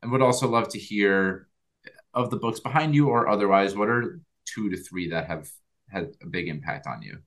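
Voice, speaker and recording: A man's voice: lowish voice, expressive, moderate pace, a bit bright. A man hosting an interview podcast, who asks thoughtful questions, jokes playfully and swears casually. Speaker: podcast host.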